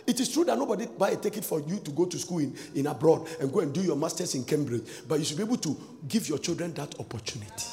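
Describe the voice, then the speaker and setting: A man preaching a sermon in a sing-song cadence that swings between shouts and soft asides. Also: a little high, sing-song, quick pace, gravelly, hardly any pauses, slight background noise. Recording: long reverb of a large hall.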